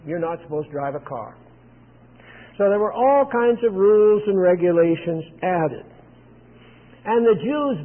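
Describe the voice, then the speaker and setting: A man preaching a sermon, retelling a scripture scene in plain storytelling with frequent pauses. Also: high voice. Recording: tinny phone-like sound with long hall reverb.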